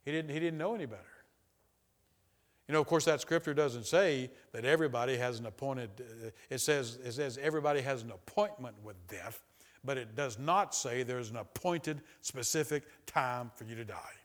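A man preaching a sermon, retelling a story with quoted dialogue in a conversational way and building to loud, emphatic peaks. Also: medium pitch, normal speed. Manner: conversational, frequent "you know" asides.

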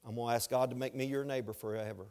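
A man's voice: medium pitch, fairly even intonation, very fast, noisy background. A man preaching a sermon, telling stories with humor and asking the congregation if they follow. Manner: storytelling with humor and asides to the congregation. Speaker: pastor.

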